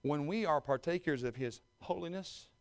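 A man, preaching a sermon with folksy humor that builds to loud, fervent exhortation. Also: fairly high pitch, moderate pace, clean tone. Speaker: pastor.

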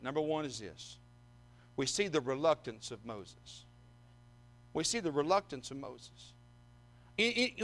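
A man's voice: sits high, a bit bright. A man preaching a sermon, reading scripture aloud and then speaking emphatically, repeating words, with dry humor. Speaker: visiting preacher.

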